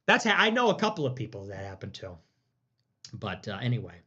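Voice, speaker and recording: A man in a rambling, profane political rant, sarcastic and trailing off into low asides, from a replayed video. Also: wildly swooping pitch, a little fast, pushed and bright, husky, lo-fi sound. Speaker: political commentator. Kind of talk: rambling ranting commentary.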